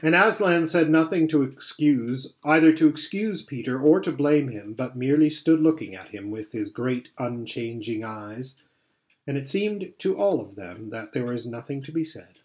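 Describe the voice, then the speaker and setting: A man reading a children's fantasy novel aloud in a measured, steady way, with the odd slip. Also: medium pitch. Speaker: audiobook reader. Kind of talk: storybook narration.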